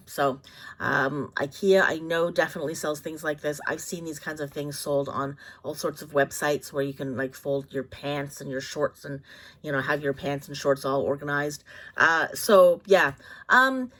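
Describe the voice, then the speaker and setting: A woman vlogging casually about products, rambling with many fillers and quick self-corrections. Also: low-pitched, fairly bright tone. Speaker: vlogger reviewing bags.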